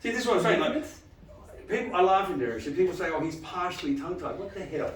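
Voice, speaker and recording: Male dental lecturer, lively questioner, slightly high voice, distant mic with faint room hum. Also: quick pace, roomy sound. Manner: animated, quizzing the audience, frequent "right?". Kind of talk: live lecture to dentists.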